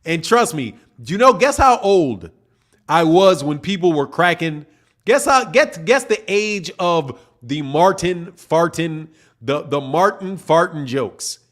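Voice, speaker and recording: Middle-aged male host, high-pitched, casual slangy banter with live chat. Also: fairly bright tone. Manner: loose, joking, talks back to chat with slang. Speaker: boxing channel host reading live chat.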